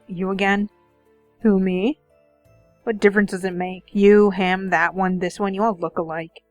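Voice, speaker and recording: A woman's voice: flat delivery, normal speed, dry recording, faint music behind, close to an everyday voice. A woman voicing a bitter, resentful young man trapped in a time loop, reading a visual novel aloud. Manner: bitter, resentful, low-key.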